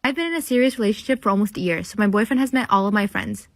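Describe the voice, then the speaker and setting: A woman reading a personal story aloud in a steady, matter-of-fact way. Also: mid-range voice, very fast, no echo.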